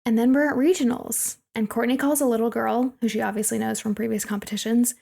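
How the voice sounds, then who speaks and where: A young woman with a slightly high, gravelly voice chats through a movie recap. She laughs easily and talks loosely as she moves from scene to scene. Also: steady tone, quick pace, dark tone. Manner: chatty, laughs often, recaps plot scenes. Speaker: podcast co-host. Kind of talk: casual movie recap chat.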